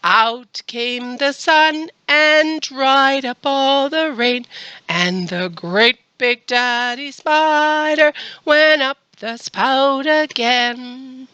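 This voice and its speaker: Children's song figure: great big daddy spider, slow and loud, a woman singing it. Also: sits high, clean tone, no room sound, highs cut off, heavily acted. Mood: bold.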